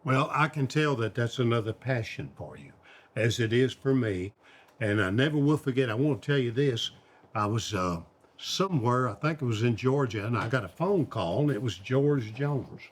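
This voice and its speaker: An older man, hosting and telling animated stories about his paintings and friends. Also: medium pitch, moderate pace. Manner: animated storyteller, quotes friends in their voices. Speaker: host, singer and painter. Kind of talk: storytelling conversation.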